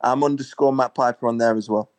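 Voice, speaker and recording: An easygoing man talks as a guest on a podcast, in a relaxed, casual tone. His voice sits at a mid pitch. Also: fast talker.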